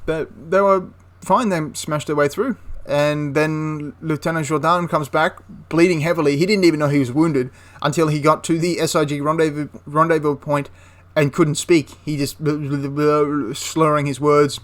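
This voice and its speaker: A man's voice: a little high, steady tone, normal speed. A young man casually retelling a wartime history story, chatty and prone to correcting himself mid-sentence. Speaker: history channel host.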